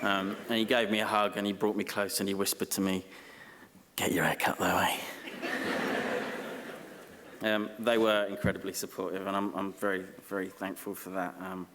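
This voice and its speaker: A man delivers a dry, self-deprecating graduation speech, full of halting ums and deadpan asides. His voice sits on the low side. It rings out with a long echo through a large ceremony hall. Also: a little hiss or hum. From Essex, England. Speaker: honorary graduate giving an acceptance speech.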